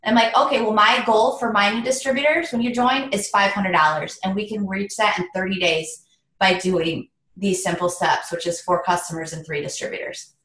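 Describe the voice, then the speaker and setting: A woman's voice: mid-range voice, moderate pace, fairly bright tone, roomy sound, low-quality recording. A woman leading a sales training on a video call, upbeat and motivational, often speaking to her listeners as "you guys.". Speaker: direct sales team leader.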